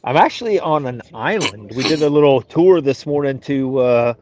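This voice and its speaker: Tennessee co-host, halting, dull lo-fi phone call from a beach. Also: male voice, mid-range voice, lively intonation, a little mellow. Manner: rambling, halting, many fillers. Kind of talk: casual video-call chat. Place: outdoors on an island beach.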